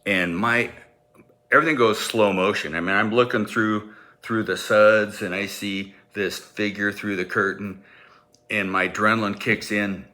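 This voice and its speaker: Bright-voiced man telling a funny story. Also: fairly low pitch, a little slow. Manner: animated, acts out sounds and voices. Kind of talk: comic personal storytelling.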